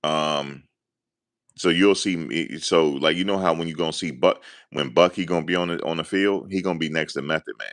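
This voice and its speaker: Very deep-voiced excitable New man. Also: brisk. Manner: excited, rambling, animated storytelling. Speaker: sports commentator. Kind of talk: casual fan commentary.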